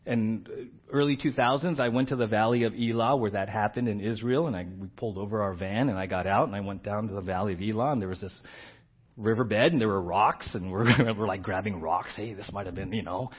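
A man's voice: on the low side, a little fast, husky, lo-fi sound. Conversational middle-aged male preacher. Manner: conversational, keeps asking "right?"; acts out quoted characters with big swings in loudness. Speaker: pastor. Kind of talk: sermon.

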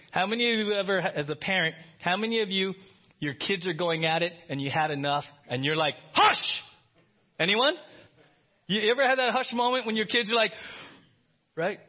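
A man preaching a conversational sermon, animated and often asking his listeners "right?". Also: medium pitch, husky, dull audio. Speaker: pastor.

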